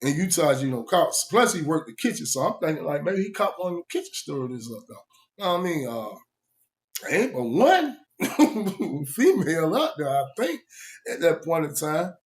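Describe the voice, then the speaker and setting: Guy telling a prison story, laughs lots, voice a bit high, gets animated. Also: normal speed. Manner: animated, laughs often, voice jumps high when quoting himself. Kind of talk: casual storytelling.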